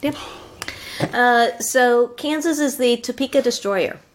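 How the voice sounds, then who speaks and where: A woman co-hosting a casual podcast, keeping the conversation on track. Her voice is fairly high and easy-going. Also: slow, a little hiss or hum. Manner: steers the topics, reads entries out. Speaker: podcast co-host. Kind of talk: casual comedic chat.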